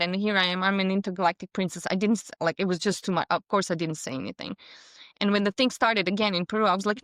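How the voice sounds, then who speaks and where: In a casual podcast chat, a female guest spins a lively story full of laughter and acted-out quotes. She talks fast at a medium pitch, recorded at studio quality without any room sound.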